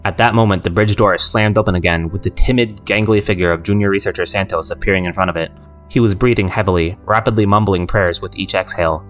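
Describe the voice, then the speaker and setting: A man narrating a scripted horror story in a measured, steady way. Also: low-pitched, soft background music.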